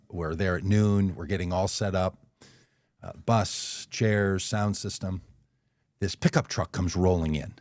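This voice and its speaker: A man's voice: low voice, a little mellow, dry recording, studio quality. Man telling a story over video call. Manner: conversational, self-correcting as he goes. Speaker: guest speaker. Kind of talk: anecdotal storytelling.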